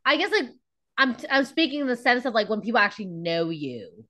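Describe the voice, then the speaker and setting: A woman's voice: a little high, sing-song, fairly quick, bright, forceful tone. A woman co-hosting a podcast in casual chat, chatty and storytelling, acting out what people say. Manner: chatty, storytelling, acts out quotes. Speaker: podcast co-host.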